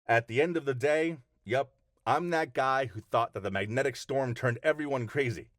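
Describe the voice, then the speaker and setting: A man's voice: mid-range voice, moderate pace, a bit bright, dry recording, studio quality. A man in an easygoing, reflective first-person story narration.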